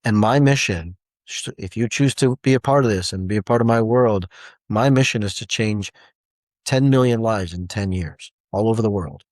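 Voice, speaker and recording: A man in his forties giving a rambling, animated motivational talk as a self-help speaker, with many restarts. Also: fairly low pitch, moderate pace, no room sound, clean studio sound. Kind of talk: motivational monologue.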